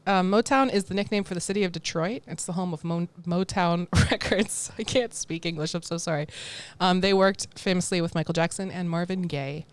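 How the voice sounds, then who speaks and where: A woman's voice: lowish voice, fairly quick, few pauses, clean tone. A young American woman co-hosting a podcast, chatting casually and laughing often. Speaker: podcast co-host. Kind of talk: casual chat.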